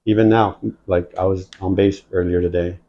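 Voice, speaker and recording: A man's voice: low-pitched, moderate pace, muffled recording. A man telling war-service stories in a casual, profane way, acting out the dialogue as he goes. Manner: profane, animated storytelling, acts out quoted dialogue. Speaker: guest, military veteran. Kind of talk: casual storytelling.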